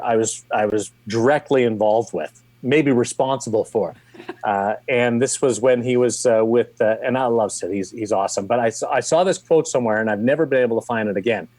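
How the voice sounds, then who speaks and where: A man's voice: medium pitch, darkish tone, no room sound. Dry-miked Canadian man telling stories. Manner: rambling, many restarts and fillers. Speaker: TV hockey host, guest. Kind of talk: casual storytelling.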